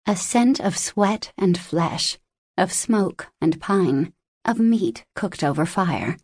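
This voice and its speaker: A woman narrates a fantasy audiobook in a lower, measured voice with expressive storytelling. The studio sound is close and dry, with no room around her. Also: slightly rough, no echo. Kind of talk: scripted narration.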